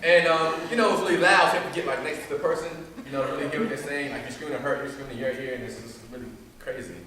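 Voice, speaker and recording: A man's voice: fairly high pitch, racing, a crowd in the background. A man performing spoken word poetry on stage at a live venue, chatty and laughing as he teases the audience. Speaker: performance poet. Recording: echoey room, distant mic, noisy.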